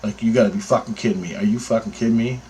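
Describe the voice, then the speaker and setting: A man's voice: on the low side, fairly even intonation, very fast, warm tone, slight background noise, poor audio. A man telling an angry, profanity-laced story about his bird photography, talking in a heated, sarcastic way. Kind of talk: angry ranting anecdote.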